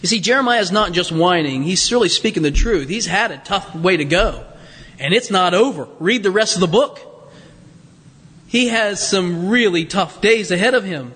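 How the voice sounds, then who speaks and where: Man, pastor, high voice, chatty animated sermon, long hall reverb. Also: normal speed, breathy edge. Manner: conversational, animated, with restarts and rhetorical questions.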